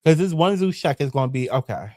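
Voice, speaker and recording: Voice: mid-range voice, expressive, quick pace, mellow, no room sound, clean studio sound. A gossip show host giving blunt, profane, sassy commentary in a casual, mocking way.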